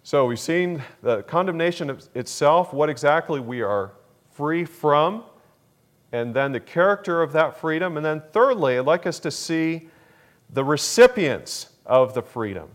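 Slow, deliberate male preacher. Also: a little high, big pitch swings. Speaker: pastor. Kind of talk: sermon.

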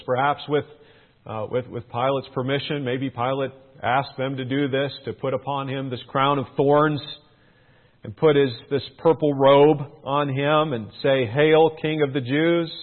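A middle-aged man teaching through a Bible passage, earnest, his emphasis rising on questions. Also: medium pitch. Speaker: preacher. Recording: tinny phone-like band.

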